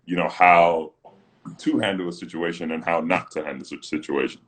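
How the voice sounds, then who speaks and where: At an ordinary pace, the deep-voiced British ex-pro basketball player tells vivid stories as co-host of a casual livestream. Quotes get acted out and laughter comes often, all through a phone on the live video stream.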